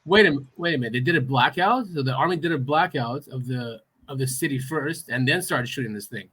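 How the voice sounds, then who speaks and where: A man hosts a podcast in easygoing conversation. He sounds excitable and breaks into laughs often. His voice is bright and forceful. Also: mid-range voice, fairly quick, breathy edge. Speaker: podcast host. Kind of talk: casual chat.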